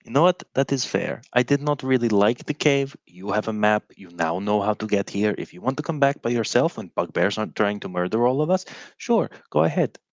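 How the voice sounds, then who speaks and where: A man's voice: on the low side, expressive, a little fast, few pauses, no echo, lo-fi sound. A man voicing a testy, sarcastic male adventurer in a tabletop role-play, grumbling complaints in character. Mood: exasperated.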